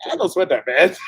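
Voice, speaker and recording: A man's voice: sits high, fairly bright tone, slight background noise. A man in his thirties co-hosting a casual live chat, telling a family hiking story and acting out his own lines. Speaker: co-host.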